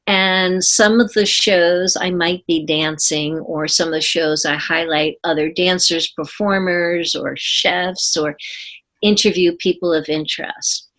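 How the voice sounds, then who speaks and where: A woman in her seventies, a former ballerina, telling her story in an interview with earnest, unhurried speech and thoughtful pauses. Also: on the low side, fairly even intonation, a bit bright. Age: 70s.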